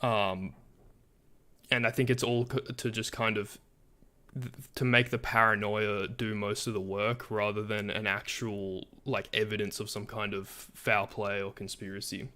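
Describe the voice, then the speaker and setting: A man, not from America, giving halting commentary on a video, full of fillers and restarts. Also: on the low side, flat delivery, sharp tone. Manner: hesitant, many fillers and restarts. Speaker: commentary channel host.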